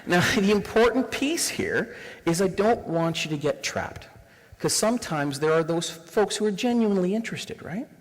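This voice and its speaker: A man's voice: high voice, expressive, moderate pace. A Canadian man in his forties giving a live diversity workshop, engaging the audience with rhetorical questions. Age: 40s. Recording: reverberant room sound.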